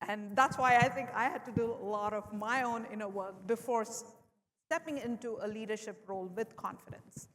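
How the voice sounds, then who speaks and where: A woman on a conference panel speaking reflectively, with many pauses and fillers. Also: on the high side, a bit bright. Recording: reverberant conference hall.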